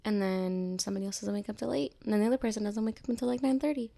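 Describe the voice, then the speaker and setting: Chatty mom on a podcast, bit of vocal fry, laughs easy. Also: female voice, medium pitch, fairly even intonation, very fast, warm tone. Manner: chatty, laughs often, mimics her kids. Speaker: podcast co-host. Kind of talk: casual chat.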